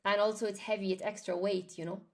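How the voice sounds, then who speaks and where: Chatty Irish woman, gravelly edge. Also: mid-range voice, flat delivery, fast, darkish tone. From Ireland. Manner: chatty, reads and answers viewer comments. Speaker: English teacher. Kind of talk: live stream chat with viewers.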